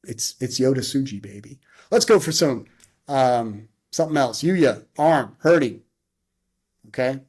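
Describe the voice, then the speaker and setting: A man's voice: medium pitch, lively intonation, measured pace, a little mellow, breathy edge. A man hosting a casual wrestling review, running through the matches move by move, with frequent restarts and side tangents. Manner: rambling, with frequent restarts and asides; rattles off move-by-move calls in bursts.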